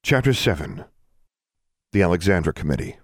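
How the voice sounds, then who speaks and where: A man reading an audiobook aloud in a measured, even narration. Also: low voice, no room sound, clean studio sound. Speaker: audiobook reader. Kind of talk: scripted narration.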